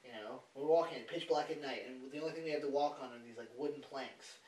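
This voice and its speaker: A young man hosting a podcast, telling a story in casual chat, animated and swearing freely. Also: mid-range voice, fast talker. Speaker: podcast host. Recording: roomy, distant mic.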